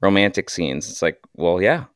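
Male co-host, very deep and smooth, eager recapper, dry sound. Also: expressive, moderate pace, dry recording. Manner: enthusiastic recapping, asks questions. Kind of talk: casual podcast chat.

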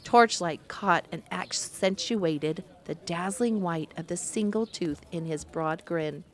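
A woman narrating a fantasy storybook in a measured, descriptive manner. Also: on the low side.

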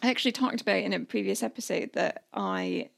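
Gravelly-voiced woman podcast host. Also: medium pitch, a little fast. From Canada. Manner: chatty and animated, often laughing. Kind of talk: casual storytelling chat.

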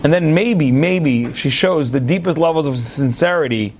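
A man preaching as a rabbi, telling a parable with jokey asides and sudden high emphatic swings. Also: moderate pace, darkish tone, a little hiss or hum. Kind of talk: sermon with a told parable.

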